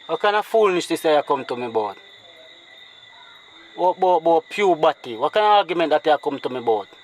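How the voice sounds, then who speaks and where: An actor with a Jamaican accent playing a short-tempered brother who argues indignantly. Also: male voice, on the high side, animated, brisk, a little hiss or hum, natural voice, poor audio. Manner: indignant, argumentative. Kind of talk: acted dialogue in patois.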